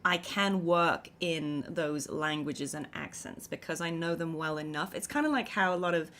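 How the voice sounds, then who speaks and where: A woman's voice: deep voice, moderate pace, a little hiss or hum. A bilingual woman whose first language is Danish, co-hosting a casual chat and thinking aloud. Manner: animated, thinks aloud with many restarts and fillers. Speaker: voice actor and co-host.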